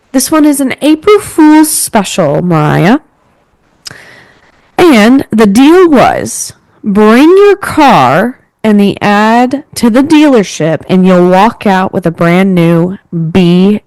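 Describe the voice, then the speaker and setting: A woman in her twenties co-hosting a casual podcast, telling stories in an animated, chatty way with lots of fillers. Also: mid-range voice, slow pace, dry recording, poor audio. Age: 20s. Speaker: podcast co-host.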